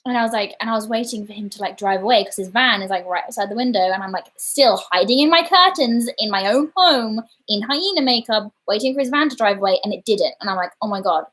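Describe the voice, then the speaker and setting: A woman's voice: on the high side, animated, quick pace, few pauses, fairly bright tone. A woman chatting casually on a livestream, telling an embarrassing story with lots of fillers and self-deprecation. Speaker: livestream host.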